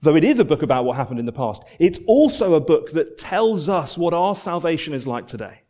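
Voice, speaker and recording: A man preaching a sermon, earnest and emphatic, repeating phrases and dropping to soft, low endings. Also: big pitch swings, a little fast.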